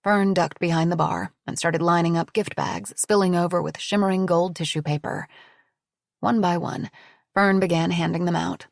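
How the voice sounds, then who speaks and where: A woman narrating an audiobook in a measured, descriptive reading. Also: on the low side, fairly even intonation, vocal fry, no room sound, clean studio sound. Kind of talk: scripted narration.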